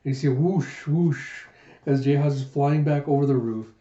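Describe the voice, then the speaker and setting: A man reading through a manga and retelling its scenes in a casual way, with chuckles and quick asides. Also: medium pitch, warm tone, roomy sound, muffled recording. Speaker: manga reader and reviewer.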